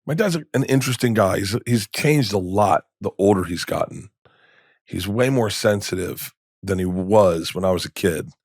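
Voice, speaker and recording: Middle-aged guy comedian telling stories low and rambly, kinda choked up, dead dry room. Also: normal speed, darkish tone, husky, dry recording. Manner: rambling, self-interrupting, emotional storytelling. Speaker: comedian guest. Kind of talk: candid storytelling in a podcast interview.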